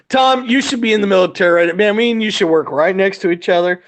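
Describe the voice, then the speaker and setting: Man, high voice, casual garage chat, swearing storyteller who acts out his quotes. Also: expressive, normal speed, fairly bright tone. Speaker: military supervisor telling work stories.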